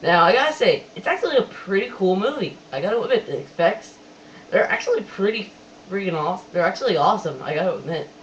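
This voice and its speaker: A casual webcam movie reviewer who talks chattily, keeps repeating that he has to admit things, and quotes lines with animated emphasis. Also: mid-range voice, fast talker. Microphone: webcam microphone. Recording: distant dull webcam audio, faint hiss.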